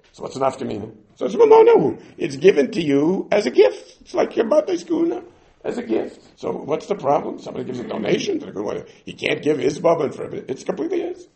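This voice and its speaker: A man teaching a Talmud lesson, animated and acting out the voices of the sages and side characters as he explains. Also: a little high, gravelly.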